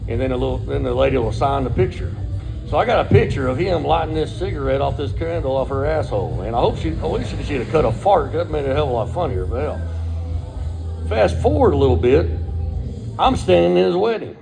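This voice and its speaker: A man's voice: on the high side, lively intonation, a little fast, creaky, music in the background. A middle-aged man, telling a crude, profane personal story in a laid-back way.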